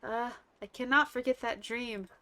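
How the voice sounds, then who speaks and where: A woman voicing a dreamy little village girl in a gentle, wondering way. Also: a little high, normal speed, slight background noise, pitched above the performer's own voice. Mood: wistful.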